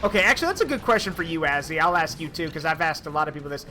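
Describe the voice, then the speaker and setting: A man streaming a game, telling stories in an animated way with swearing and asides, in casual chat. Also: fairly high pitch, rapid-fire, noisy background. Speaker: streamer and host.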